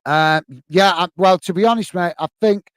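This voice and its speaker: A man's voice: sits high, normal speed, clear, resonant tone, dry recording. A man from the UK hosting a live football fan stream, chatting casually and thanking viewers for their comments. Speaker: football channel host. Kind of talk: live stream chat reading.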